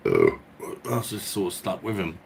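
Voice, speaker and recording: A man's voice: deep voice, huge pitch swings, normal speed, vocal fry, very noisy. A man, hosting a beer review channel, rambling through a casual story with swearing and chuckles. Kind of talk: casual storytelling chat and viewer Q&A.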